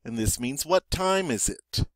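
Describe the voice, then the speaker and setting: Guy teaching french words, slow and easy, says each one twice then explains it, dry close sound. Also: mid-range voice, expressive, no room sound. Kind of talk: classroom vocabulary lesson.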